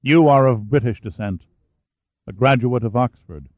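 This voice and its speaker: A man reading as a calm, grave prime minister. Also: mid-range voice, no echo, close to an everyday voice. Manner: calm, measured. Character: grave elderly male French-Canadian prime minister. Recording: phone-like narrow band, dry.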